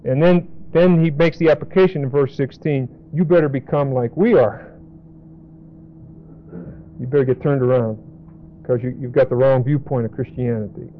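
A man's voice: mid-range voice, fairly even intonation, moderate pace, long pauses, dull audio, a little hiss or hum. Emphatic man preaching on Scripture. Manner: emphatic, direct, blunt warnings. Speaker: pastor. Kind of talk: Bible teaching sermon.

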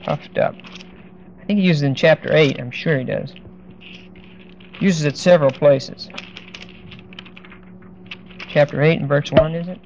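A man teaching a verse-by-verse Bible lesson, speaking deliberately and with emphasis, stopping now and then to look up verses. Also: fairly high pitch, vocal fry, a little mellow, slight background noise. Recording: dull lo-fi recording.

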